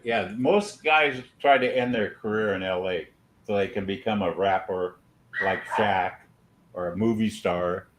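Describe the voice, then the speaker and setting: A man's voice: fairly low pitch, measured pace, a bit bright, a little hiss or hum. Opinionated man rambling with gum in mouth. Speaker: podcast host. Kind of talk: casual banter.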